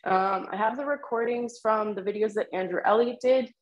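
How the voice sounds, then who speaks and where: A woman's voice: medium pitch, moderate pace, roomy sound, muffled recording. A woman teaching tenor drumming in an online group lesson, patiently counting the rhythms aloud with frequent ums. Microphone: video call microphone.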